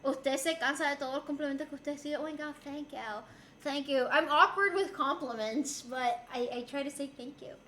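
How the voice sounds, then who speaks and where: Casting: high-voiced woman, casual streamer chat, laughs a lot, roomy echo. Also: brisk, a bit bright. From Puerto Rico. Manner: laughs often, switches between English and Spanish. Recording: roomy with faint background noise.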